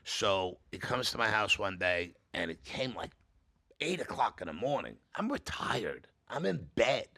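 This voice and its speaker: A retired man tells an easygoing story in casual podcast chat. His voice is low and heavily gravelly, with a bright, forceful edge. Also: very animated, a little slow.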